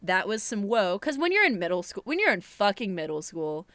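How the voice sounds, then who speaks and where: A woman's voice: mid-range voice, sing-song, brisk, a bit bright. A young woman co-hosting a podcast, talking in a candid, reflective, casual way. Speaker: podcast co-host.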